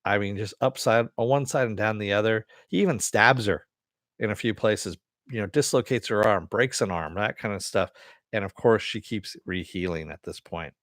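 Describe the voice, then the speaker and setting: Low-voiced man rambling through a recap. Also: normal speed, fairly bright tone, dry recording, studio quality. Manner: rambling retelling with many fillers. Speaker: TV show reviewer. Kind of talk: casual episode recap.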